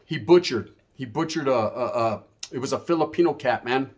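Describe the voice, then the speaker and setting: At a moderate pace and in a mid-range voice, a man casually recounts prison life. He tells the story in profane street slang, adding knocking sound effects.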